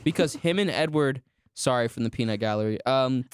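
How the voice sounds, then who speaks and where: A woman's voice: rumbling low, fairly quick, darkish tone, clear, resonant tone, no room sound. Brief: young woman, joking podcast co-host with rambling asides, dry sound. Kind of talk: casual comedy chat.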